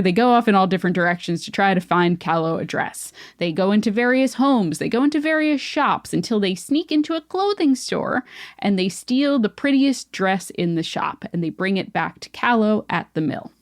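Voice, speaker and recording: A woman's voice: mid-range voice, lively intonation, normal speed, dry recording, clean studio sound. A woman podcast host retelling a folktale in playful, joking casual chat.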